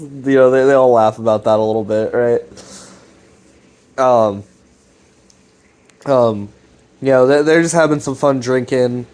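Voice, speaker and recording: A man's voice: medium pitch, unhurried, pauses often, a little mellow. A man casually rambling through a recap of a web series, with lots of fillers, restarts and swearing.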